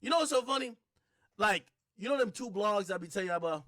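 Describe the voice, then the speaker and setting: A man hosting a livestream, talking in a casual rant that swings from low mutters to shouted bursts. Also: animated, fast, no echo, studio quality. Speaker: livestream host.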